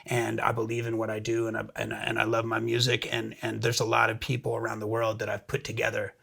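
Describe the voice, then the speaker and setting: A middle-aged man, a musician guest, telling stories in a casual interview, profane and energetic with frequent restarts. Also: lowish voice, fast, creaky, slightly rough.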